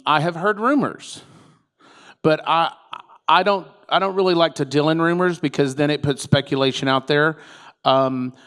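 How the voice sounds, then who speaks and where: A man's voice: a little high, fairly bright tone, clear, resonant tone. A man, a political candidate giving a chatty, joking conference speech. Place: conference room with audience.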